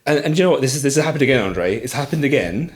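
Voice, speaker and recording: A man's voice: medium pitch, animated, rapid-fire. A man hosting an interview podcast, effusive and full of praise, often repeating words as he talks. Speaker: podcast host. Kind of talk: casual interview chat.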